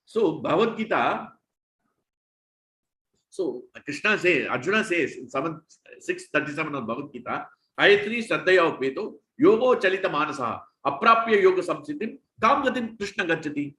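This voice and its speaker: A man giving an animated scripture class, quoting Sanskrit verses and explaining them. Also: on the high side, normal speed, reverberant. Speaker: devotional speaker.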